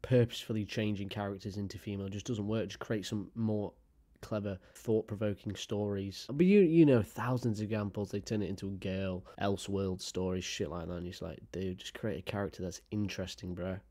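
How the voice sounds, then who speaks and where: A young man chatting to his viewers in a loose, rambling way, full of fillers and casual swearing. His voice is low-pitched and dark, with a mellow tone. He sounds like a gaming creator thinking aloud. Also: fairly even intonation, fairly quick. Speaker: gaming YouTuber. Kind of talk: casual chat to camera.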